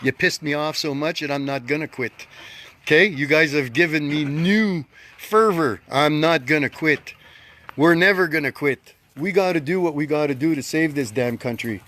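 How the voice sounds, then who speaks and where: A man's voice: on the high side, moderate pace, fairly bright tone, slight background noise. Angry, blunt man in his fifties. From Canada. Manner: blunt, emphatic, repeats his points. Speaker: group leader addressing followers. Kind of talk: self-recorded social media rant.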